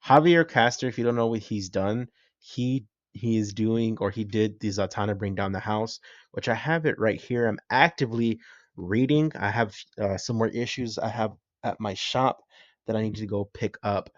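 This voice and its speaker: Excitable man rambling about comics. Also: lowish voice, normal speed, no echo, dull audio. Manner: enthusiastic, rambling, swears casually. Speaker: comics and film reaction vlogger. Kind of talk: casual reaction commentary.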